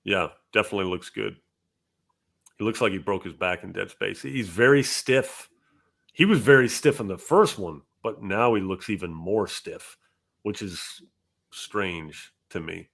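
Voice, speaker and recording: Low-voiced man, animated podcast host. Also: a little slow, creaky. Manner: animated, swings between loud bursts and low mutters. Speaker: podcast host reading viewer donations. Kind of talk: casual chat.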